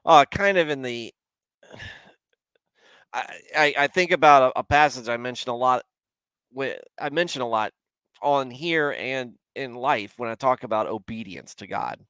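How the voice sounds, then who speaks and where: A man's voice: mid-range voice, animated, measured pace, sharp tone, smooth, dry recording. A man hosting a casual livestream Bible commentary, rambling with many restarts and stopping to chat with viewers. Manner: chats with live viewers. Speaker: host.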